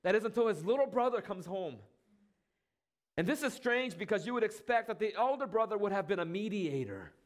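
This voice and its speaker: High-voiced preaching man. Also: animated. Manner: rhetorical questions, dramatic pauses, acts out quoted lines. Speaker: pastor. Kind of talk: sermon.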